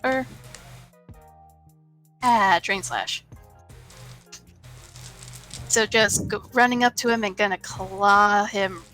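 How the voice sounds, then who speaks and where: A woman's voice: medium pitch, slow pace, pauses often, bright, forceful tone, soft background music. A woman playing a tabletop game, teasing and joking in casual chat as she plans her turn. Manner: playful and teasing. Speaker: player.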